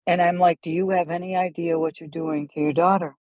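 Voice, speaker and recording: A middle-aged woman, a golf instructor, telling stories animatedly in a casual podcast chat, with quick asides and restarts. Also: fairly low pitch, fairly even intonation, no echo, highs cut off.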